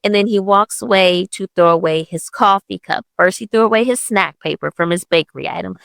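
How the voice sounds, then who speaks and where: A woman's voice: mid-range voice, fairly quick, vocal fry, fairly bright tone, no echo. A young woman hosting a podcast, telling a personal spiritual story in a casual, chatty way full of "I was like" and "literally". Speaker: podcast host.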